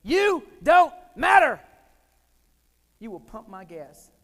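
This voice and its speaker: A man voicing an angry, strict male schoolteacher who yells and bullies a student. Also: high voice, moderate pace, natural voice. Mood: shouting. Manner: yelling, bullying. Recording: echoey hall.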